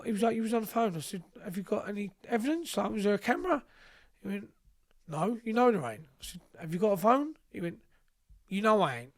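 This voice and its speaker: A man's voice: high-pitched, expressive, fairly quick. A young man, telling stories in casual chat, swearing freely and acting out both sides of conversations. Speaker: podcast guest. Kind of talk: casual storytelling.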